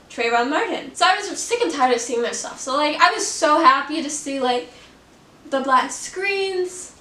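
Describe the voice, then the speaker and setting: A woman's voice: sits high, bright, forceful tone, reverberant, far from the mic, poor audio. A young woman vlogging about her own story, fervent and passionate, with lots of "like" fillers. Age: young adult. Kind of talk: personal storytelling vlog.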